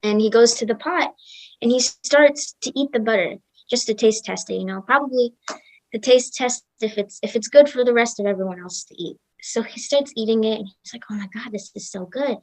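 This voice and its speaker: A young woman telling a devotional story at a satsang in a casual, lively way, acting out the characters' lines. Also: on the high side, fairly quick, no echo, rough recording. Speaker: satsang speaker.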